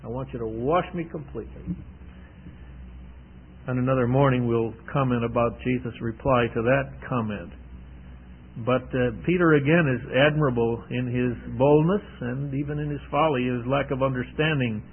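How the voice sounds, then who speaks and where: Husky preacher on tinny radio. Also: male voice, medium pitch, fairly even intonation, normal speed. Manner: conversational storytelling, retells scenes with asides. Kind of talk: radio Bible teaching. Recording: tinny phone-band radio broadcast.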